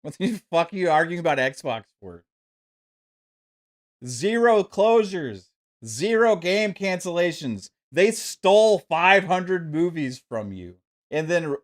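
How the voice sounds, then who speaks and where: Bright-voiced man ranting with sarcasm. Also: on the high side, lively intonation, slow. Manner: profane, sarcastic, mocking ranting. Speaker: gaming podcast host. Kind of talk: ranting live stream commentary.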